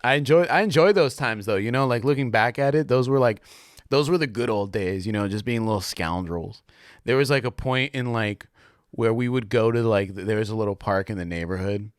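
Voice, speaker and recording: A man's voice: medium pitch, brisk, dry recording, studio quality. A young adult man hosting a casual solo podcast monologue, rambling and slangy, full of fillers as he tells a story. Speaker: podcast host.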